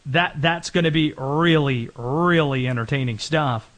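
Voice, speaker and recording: A man hosting a sports talk show, running through players and teams with energetic, emphatic delivery. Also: fairly high pitch, measured pace. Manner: energetic, emphatic, rattling off names. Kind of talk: sports commentary segment.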